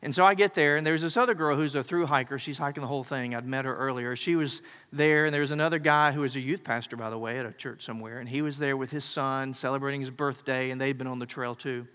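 A man preaching a sermon as pastor, swinging between emphatic loud declarations and quiet, close asides. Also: mid-range voice, fairly even intonation, fast, few pauses. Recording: preacher in a large reverberant hall.

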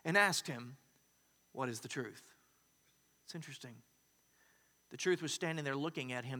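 A man preaching a sermon as a pastor, swinging between emphatic loud declarations and hushed, quiet asides. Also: fairly high pitch, big-room sound.

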